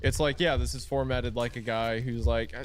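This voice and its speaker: A man's voice: mid-range voice, fairly even intonation, moderate pace, slight background noise. A man co-hosting a podcast, chatting casually, laughing easily, and reading a creepy story aloud.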